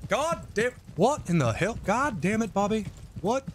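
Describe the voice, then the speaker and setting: A man doing a gruff Texan cartoon dad. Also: sits high, big pitch swings, a little slow, slight background noise, pitched above the performer's own voice. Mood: exasperated. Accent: Texas. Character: gruff middle-aged Texan cartoon dad scolding his son.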